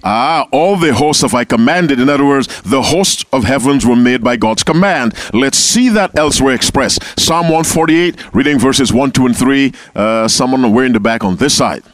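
A man's voice: mid-range voice, animated, moderate pace, few pauses, dry recording. Man, Bible teacher, mid-range voice, calls on readers, repetitive emphasis. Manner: calls on members to read, repeats key phrases. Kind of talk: interactive Bible class.

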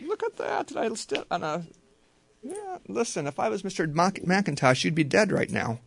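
A man teaching a group how to read the Bible, talking in a relaxed, conversational way and slowly repeating verses. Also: sits high, creaky. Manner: relaxed, conversational, slow careful repetition.

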